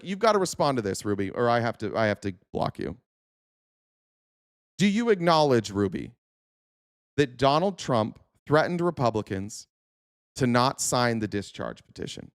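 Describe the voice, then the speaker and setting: A man's voice: mid-range voice, smooth, no echo, clean studio sound. A man ranting angrily on a political livestream, profane and confrontational with his chat. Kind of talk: heated livestream rant.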